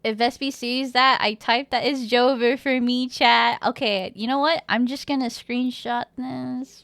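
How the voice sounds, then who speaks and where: A woman streamer talks casually and rambles, giggling as she reads her chat aloud. Her voice sits high and sounds bright. The sound is dry and close, with no room echo. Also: fairly even intonation, moderate pace, vocal fry, hardly any pauses.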